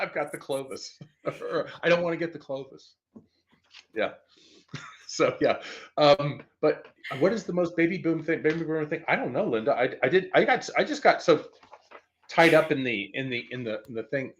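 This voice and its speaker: A man co-hosts a slots show, chatting casually with viewers and joking at his own expense, stumbling into frequent stammered restarts. His voice is a little high and expressive at a moderate pace, and the recording sounds slightly dull and lo-fi.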